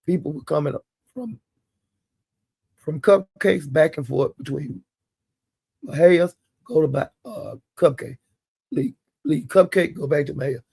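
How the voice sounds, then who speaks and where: Host: a man, husky and rough, rambling gossip storyteller. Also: a little high, animated, a little slow, long pauses, warm tone, dry recording. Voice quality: gravelly, husky. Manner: rambling, with quoted asides. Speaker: channel host.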